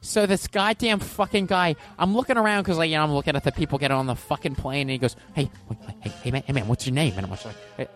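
A man's voice: a little high, quick pace, few pauses, faint music behind, lightly acted. A man doing an impression of an angry middle-aged male comedian who rants and curses every few words. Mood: ranting. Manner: loud profane ranting, cursing every few words. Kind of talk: comic impression.

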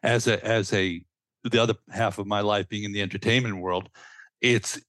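A man hosting a podcast, asking questions and cheering his guest on in quick, enthusiastic asides. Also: lowish voice, fairly even intonation, fairly bright tone, no room sound. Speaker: podcast host. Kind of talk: conversational interview.

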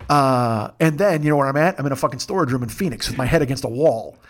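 A man's voice: mid-range voice, fast talker. A middle-aged man hosting a comedy podcast, ranting through a long profane story with self-mocking asides.

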